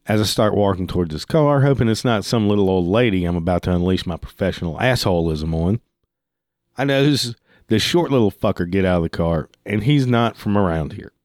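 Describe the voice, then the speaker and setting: A man's voice: fairly low pitch, animated, a little fast, darkish tone, no echo, studio quality. A man telling a heated, profane story in a casual storytelling style, swearing freely.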